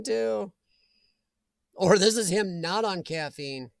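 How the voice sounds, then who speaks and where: A man's voice: high-pitched, expressive, slow, vocal fry, no room sound. A middle-aged man hosting a casual live chat stream, reading viewer comments with jokey asides and frequent laughter. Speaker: livestream host.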